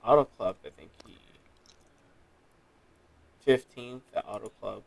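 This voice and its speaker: A man's voice: mid-range voice, a little slow, vocal fry. Tired young man listing race standings. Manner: easygoing, reads standings in a list. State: tired after a drive. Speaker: podcast co-host. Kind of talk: casual chat.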